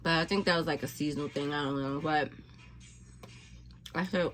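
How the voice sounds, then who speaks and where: Chill woman mukbang vlogger, low voice, slow rambling chat, faint background hum. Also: steady tone. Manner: laid-back, rambling, talks between bites. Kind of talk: casual eating chat to camera.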